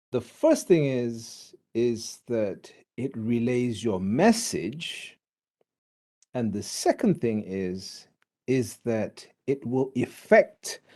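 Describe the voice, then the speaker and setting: Brief: male lecturer, mellow tone, very expressive pitch, quizzes the class on a video call. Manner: animated, asks the class questions.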